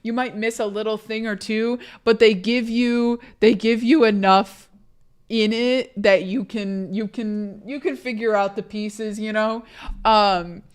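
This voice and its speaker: A young woman streamer with a hoarse voice from laryngitis, chatting candidly and with swearing on a live stream, bursting louder when she greets viewers. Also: medium pitch, fairly even intonation, unhurried. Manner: candid, profane, rambling; bursts loud greeting raiders. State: sick, laryngitis. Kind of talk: casual live-stream chat.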